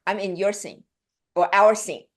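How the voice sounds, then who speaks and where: A woman telling a story as an interview guest, lively and chatty, jumping up in pitch when she acts out what people said. Her delivery is casual and full of fillers and restarts. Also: measured pace. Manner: animated storyteller, laughing, acting out quotes with pitch leaps.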